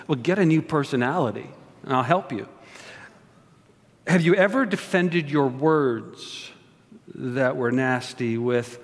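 A man's voice: medium pitch, slow, pauses often. A man preaching a sermon as a pastor, joking and asking his congregation questions. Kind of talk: sermon with prayer. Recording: long reverb of a large hall.

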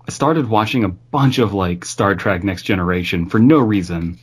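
A man's voice: lowish voice, a little fast, few pauses, breathy edge. A man reading a creepy story aloud in an offhand, amused way, stopping to comment on it.

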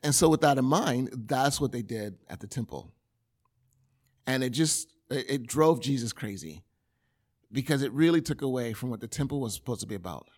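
A man preaching a sermon in a conversational, animated way, with everyday examples. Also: mid-range voice, moderate pace.

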